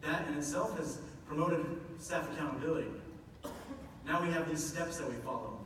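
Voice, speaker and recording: A man's voice: fairly high pitch, normal speed, fairly bright tone, slight background noise. A man giving an earnest, explanatory public talk about his office's work, with a few self-deprecating asides. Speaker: public speaker from a government office. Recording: echoey hall from far off.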